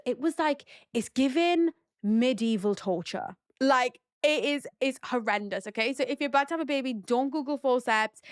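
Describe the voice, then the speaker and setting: A woman's voice: medium pitch, dry recording, clean studio sound. A woman hosting a podcast as a mother, sharing a personal story in a casual, heartfelt way with lots of fillers. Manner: chatty and heartfelt, with many fillers. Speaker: podcast host.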